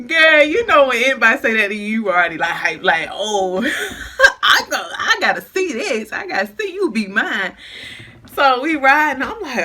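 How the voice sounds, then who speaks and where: A young woman recounts a story in a loose, chatty vlog voice. Her tone is bright and sits a little high, and her pitch swings widely as she laughs her way through it. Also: normal speed, slight background noise. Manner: animated, laughing through the telling, dialect-heavy. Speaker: vlogger. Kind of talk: casual storytime.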